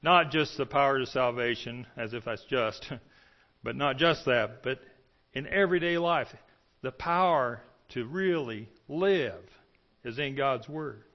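Man preaching with loud and hushed swings. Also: medium pitch, measured pace, muffled recording. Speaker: pastor. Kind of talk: sermon.

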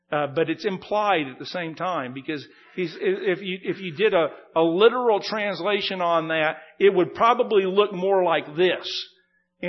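A man's voice: high-pitched, muffled recording. A man preaching an expository sermon, earnest and emphatic, often repeating and restarting his phrases. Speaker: pastor.

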